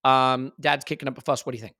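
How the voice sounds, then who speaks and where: A man's voice: medium pitch, little pitch movement, fast talker, sharp tone, no echo, studio quality. A man hosting a casual podcast, reading questions and making jokey, wry asides. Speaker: podcast host. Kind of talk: casual podcast chat with ad reads.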